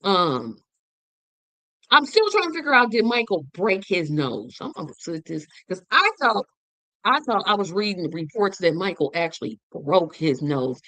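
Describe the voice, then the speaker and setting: This is a woman host chatting about a film she just saw. Her pitch leaps up and down and she leans hard on words, repeating them for effect. The sound is dry, with no room echo. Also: big pitch swings, moderate pace, a bit bright. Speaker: show host. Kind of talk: casual movie review chat.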